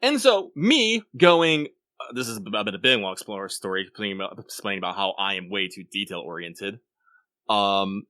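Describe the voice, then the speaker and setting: A man co-hosting a podcast in casual chat, rambling and animated, swearing offhandedly and often restarting his sentences. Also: lowish voice, fairly quick, dry recording. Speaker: podcast co-host.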